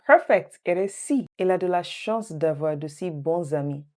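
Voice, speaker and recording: Woman tutor, low mellow voice; slow repeated phrases with chatty asides. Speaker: French teacher. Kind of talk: online language lesson.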